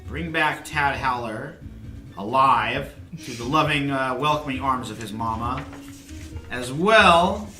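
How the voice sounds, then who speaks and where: A man's voice: medium pitch, pushed and bright, roomy sound, rough recording. A man acting as game master, casually recapping the story and introducing players in a tabletop game session.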